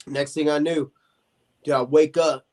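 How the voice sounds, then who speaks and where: A man's voice: a little high, unhurried. A man in his forties, a podcast guest, telling a long story in casual talk, full of fillers and acted-out quotes. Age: 40s. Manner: animated, acts out quoted voices, many fillers.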